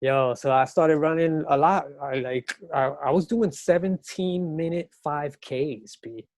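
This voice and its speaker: Animated slangy man telling stories. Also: a little slow, dry recording. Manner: animated storyteller, slangy, mimics people in high voices. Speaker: podcast guest. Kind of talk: casual chat.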